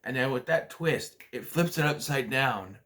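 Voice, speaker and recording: A man's voice: mid-range voice, lively intonation, measured pace, a bit bright. A man casually reviewing a movie for his vlog, rambling with many restarts and acting out scenes. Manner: rambling, hesitant, many restarts and acted-out quotes.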